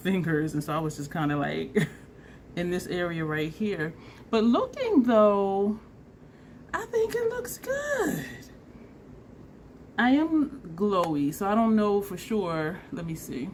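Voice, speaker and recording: A woman's voice: fairly low pitch, slight background noise. A woman chatting casually in a makeup vlog at home, laughing and trailing off mid-sentence. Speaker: beauty vlogger.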